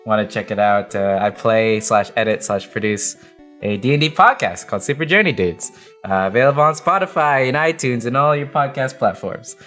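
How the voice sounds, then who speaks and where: Game master guy, lots of ums and uhs, music quietly behind. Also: medium pitch, moderate pace. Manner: hesitant, many fillers and restarts. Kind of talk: narrating a tabletop game.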